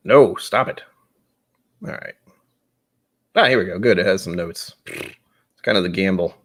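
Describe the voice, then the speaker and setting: A man's voice: low-pitched, moderate pace, pauses often, a bit bright. A man hosting a live stream in casual chat, rambling and self-mocking, with the odd casual swear. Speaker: livestream host.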